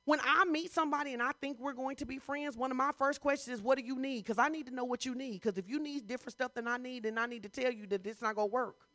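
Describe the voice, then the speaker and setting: A woman pastor preaches conversationally, posing many rhetorical questions and building to loud, emphatic bursts. Her voice sits high and moves fast with few pauses, in a dry recording.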